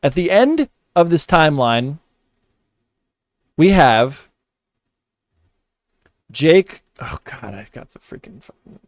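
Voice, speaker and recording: A man's voice: a little high, sing-song, takes it slowly, pauses often, dry recording. A man doing live commentary while editing, muttering, repeating words under his breath and cursing in frustration. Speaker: commentary streamer.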